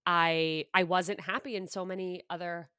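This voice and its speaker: A woman's voice: on the low side, steady tone, moderate pace, clear, resonant tone, dry recording, clean studio sound. A woman hosting a podcast, asking questions in a chatty way, with lots of "like" and "you know". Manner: warm, chatty, filler-heavy. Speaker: podcast host. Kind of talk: conversational interview.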